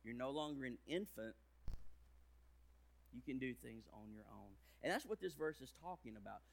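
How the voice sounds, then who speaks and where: A man's voice: lively intonation, moderate pace, gravelly. A man in his thirties, a pastor giving a playful children's sermon with jokes and big swings in his voice. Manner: playful, jokey, big swings in pitch and volume.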